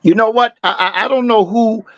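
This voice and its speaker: A man with a high-pitched voice co-hosts a boxing talk show, speaking at a moderate pace in a steady tone. His heated, casual talk rambles and swears, packed with fillers and emphatic asides. The recording is dry and slightly dull, with no room sound.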